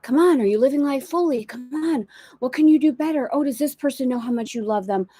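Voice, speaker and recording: A nagging inner critic, put on by a woman keeps pressing and coaxing. The voice sits a bit higher than her everyday talk and sounds restless and pushy. The sound is dry and close to the mic. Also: brisk, warm tone, slightly rough, no room sound.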